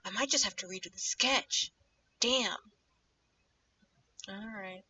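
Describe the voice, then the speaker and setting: A young woman livestreaming while she animates, chatting casually in a rambling way and drifting into low muttering to herself as she draws. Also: takes it slowly, pushed and bright, husky, recorded from a distance. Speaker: streamer animating live. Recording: dull lo-fi mic set back from the speaker.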